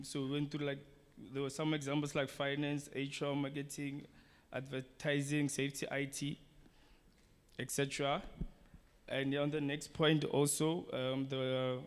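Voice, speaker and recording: A man's voice: a little high, smooth. A man gives a hesitant summary of a training day to a group, with many ums. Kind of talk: workshop presentation. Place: training room. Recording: echoey room with faint noise.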